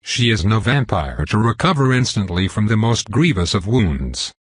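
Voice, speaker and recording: Male narrator, deep and breathy, dry close read; clipped, intense dramatic delivery. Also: very animated, normal speed, no room sound. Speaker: audiobook narrator. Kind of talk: first-person fiction narration.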